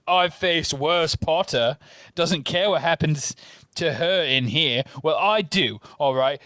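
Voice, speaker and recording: A man's voice: fairly high pitch, pushed and bright, no room sound, exaggerated voice. A man reading the part of a sulking, angry teenage boy wizard in a podcast read-through, complaining and dramatic. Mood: furious.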